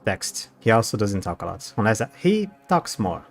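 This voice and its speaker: A man's voice: on the low side, big pitch swings, normal speed. A man streaming, reading a visual novel aloud and breaking off to comment on the characters. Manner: reads along, breaking off to comment on the cast.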